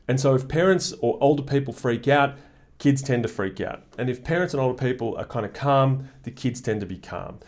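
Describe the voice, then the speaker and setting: A man thinking out loud in a calm talking-head monologue. He lays out his ideas step by step in a mid-range voice, with a few "uh"s along the way. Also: medium pitch, fairly quick. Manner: thoughtful, explanatory, frequent "uh" fillers. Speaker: commentator.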